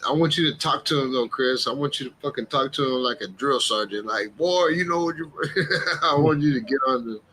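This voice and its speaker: A man's voice: medium pitch, fairly quick, few pauses, pushed and bright, slight background noise, poor audio. A man in a casual podcast chat, talking in a joking, crude way. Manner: joking, crude, laughs at own bits.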